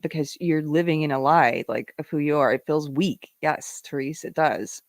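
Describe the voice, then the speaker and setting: A woman's voice: low voice, moderate pace, no echo, clean studio sound. A woman hosting a live-stream talk show who reads and answers viewer chat in a casual, chatty way. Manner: casual, chatty, laughs often. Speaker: host.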